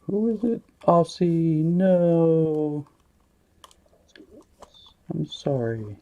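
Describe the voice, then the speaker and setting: A man hosts a giveaway on a live stream, talking slowly and softly with a mellow, dark tone. His asides drop to a murmur, and his voice jumps up when he calls the winner. The audio is dull and lo-fi. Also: a little high. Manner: slow, soft-spoken, murmuring asides, bursts of excitement at results. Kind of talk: casual live-stream chat.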